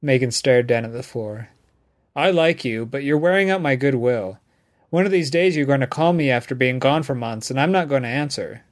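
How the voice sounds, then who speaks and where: A man reading an audiobook, voicing a male friend who teases and then reproaches, at an everyday mid pitch. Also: moderate pace, lightly acted. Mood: reproachful. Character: needy teasing male friend, wants attention. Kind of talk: audiobook dialogue.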